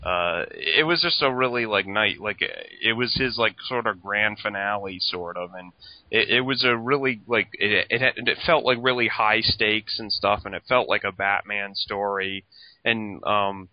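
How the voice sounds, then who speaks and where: Rambling low-voiced man, lo-fi podcast sound. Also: a little slow, dry recording. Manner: rambling, heavy use of "like", swearing. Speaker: podcast co-host. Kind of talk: casual chat.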